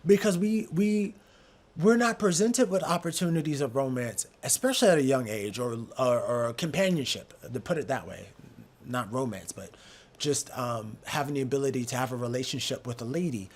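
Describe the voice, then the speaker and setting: A man's voice: medium pitch, lively intonation, moderate pace. A man hosting a podcast in casual talk, earnest and stumbling over repeated words as he builds his points. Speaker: podcast host.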